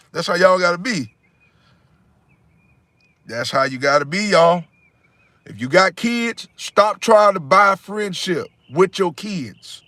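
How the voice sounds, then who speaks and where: Blunt, preachy male livestream host, slightly high voice, dry close mic. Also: pushed and bright, no room sound. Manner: preachy, blunt, repeats himself, addresses viewers as y'all. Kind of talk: casual livestream talk to viewers.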